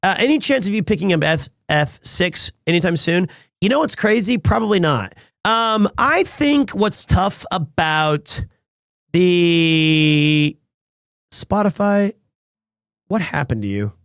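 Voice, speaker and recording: High-voiced man chatting on stream. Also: very animated, slow pace, a bit bright, dry recording, studio quality. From United States. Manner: rambling storyteller with frequent restarts. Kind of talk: casual stream chat.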